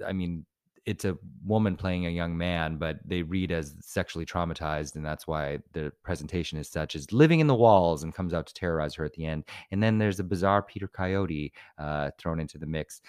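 A man with a low voice rambles casually through film trivia. He breaks off and restarts his sentences often. The recording is dry and close. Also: darkish tone, clear, resonant tone, no echo. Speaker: podcast co-host. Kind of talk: casual chat reviewing films.

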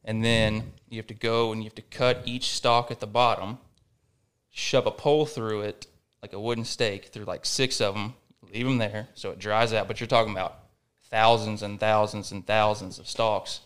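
A man's voice: on the low side, level tone, normal speed, fairly bright tone, clean tone. A young man, a college baseball coach telling stories in a laid-back, folksy way as a podcast guest. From Western Kentucky. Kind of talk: casual podcast chat.

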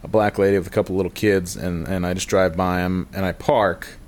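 A man with a low voice tells a comic story on a podcast. He rambles, swears casually and laughs at his own expense. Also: steady tone, a little fast, a little mellow, slight background noise. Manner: rambling, self-deprecating, profane, often laughing. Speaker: podcast guest telling a story.

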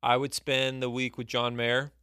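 A man co-hosts a relaxed podcast chat. He teases his partner and keeps firing questions at her. The sound is dry and close, with no room around his voice. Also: medium pitch, normal speed, clear, resonant tone, dry recording. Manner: teasing, asks lots of questions. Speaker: podcast co-host. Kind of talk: casual chat.

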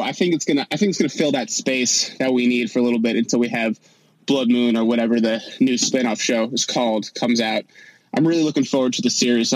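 A man's voice: medium pitch, no room sound, poor audio. Man leaving a dry voice message. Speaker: listener caller. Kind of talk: recorded voice message.

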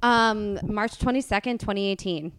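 A woman's voice: medium pitch, normal speed, fairly bright tone, slight background noise. A woman hosting a podcast, chatting and joking with a guest. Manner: bubbly and joking. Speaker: podcast host. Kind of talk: casual chat.

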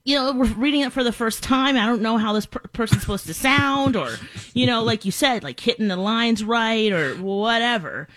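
A woman's voice: fairly high pitch, moderate pace, a bit bright, no echo. A woman co-hosting a morning show in casual chat, rambling with lots of fillers.

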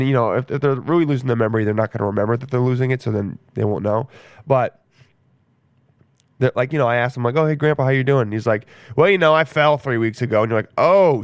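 A man's voice: medium pitch, darkish tone, no echo, studio quality. A young man rambling casually in a profane, self-mocking monologue as a podcast host.

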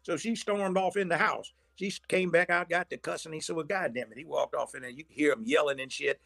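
A gravelly-voiced man spins a casual story and acts out what each person said. The sound is dry and close. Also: a little high, fairly quick, no room sound. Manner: animated storyteller acting out quotes. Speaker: guest storyteller. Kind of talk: casual anecdote telling.

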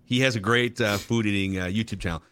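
A man's voice: fairly low pitch, fairly even intonation, fast, a bit bright, clean tone. A man hosting a casual podcast, chatting and passing along facts he looked up. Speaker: podcast host.

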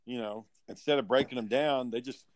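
A man's voice: medium pitch, brisk, no room sound. A man hosting a podcast in casual chat, a profane, rambling storyteller. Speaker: podcast host.

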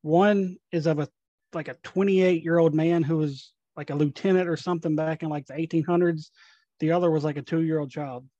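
A young man from Tennessee, a paranormal investigator, telling ghost stories in a casual, animated way and acting out the dialogue. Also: a little high, a little fast, no echo, muffled recording. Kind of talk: casual storytelling.

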